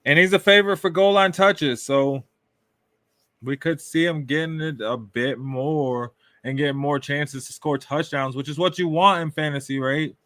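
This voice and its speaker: A man's voice: on the high side, normal speed, a bit bright, no room sound. A man hosting a casual podcast, talking loosely and rambling, often tossing in questions and shrugging asides. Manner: loose, rambling, full of "right?" and "I don't know". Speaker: podcast host. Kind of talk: casual fantasy football talk.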